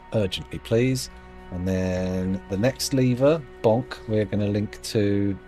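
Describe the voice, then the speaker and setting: A man with a fairly low, darkish voice streams a game, chatting casually and thinking out loud. His live-stream commentary is laced with dry, self-mocking asides.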